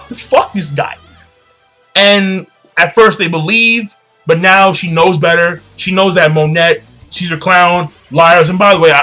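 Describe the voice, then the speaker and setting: Bright-voiced young man, slangy rambling recap. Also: a little high. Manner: profane, slangy and rambling, with frequent fillers. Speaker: manga chapter reviewer. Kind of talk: casual recap monologue.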